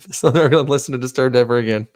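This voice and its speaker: A man's voice: mid-range voice, darkish tone. A man co-hosting a podcast in casual chat, joking with profanity and acting out small scenes. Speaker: podcast co-host.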